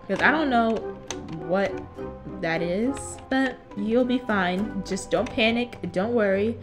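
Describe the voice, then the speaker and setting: A woman's voice: medium pitch, unhurried. A young woman chatting through a role-play video game as a sassy nurse character, teasing and talking back. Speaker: gaming YouTuber playing a nurse character. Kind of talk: Roblox role-play commentary. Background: game background music.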